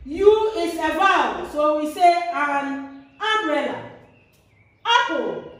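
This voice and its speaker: High-voiced woman teaching in an echoey room. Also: animated. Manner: slow, repeats each example, sing-song stresses. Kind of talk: classroom grammar lesson. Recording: very echoey room, voice far from mic.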